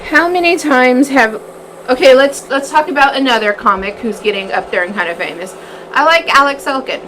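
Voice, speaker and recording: A woman co-hosting a radio chat, animated and full of exclamations. Her voice is a little high, with clear noise behind her. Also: normal speed, low-quality recording. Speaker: radio co-host.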